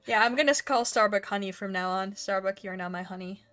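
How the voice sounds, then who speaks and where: Brief: a giggly, rambling woman as stream host and game master, mid-pitched. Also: quick pace, fairly bright tone. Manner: giggly, rambling, self-mocking. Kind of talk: casual live-stream chat and game narration.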